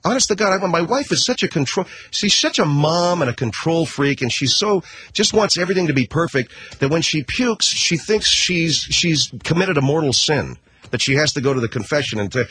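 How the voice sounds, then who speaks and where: A middle-aged man telling a story on the radio in an animated, slangy way. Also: on the high side, moderate pace. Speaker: radio host. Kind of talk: storytelling monologue.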